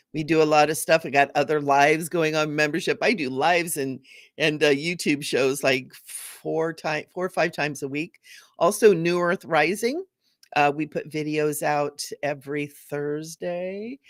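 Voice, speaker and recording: A woman's voice: low voice, no room sound, studio quality. A woman hosting a casual spiritual livestream chat, bubbly, laughing often and repeating phrases for emphasis. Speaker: spiritual talk show host.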